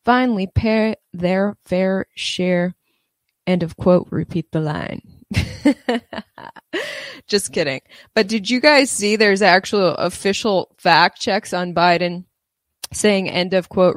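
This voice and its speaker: A woman's voice: lowish voice, no room sound. A woman giving casual, sarcastic political commentary, reading quotes aloud between frequent fillers.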